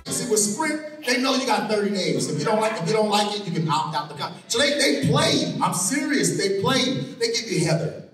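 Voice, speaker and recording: A man doing stand-up comedy at a live venue, telling stories with animated delivery and shouted punchlines. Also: high-pitched, a little fast, faint music behind. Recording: echoey room from far off, crowd noise.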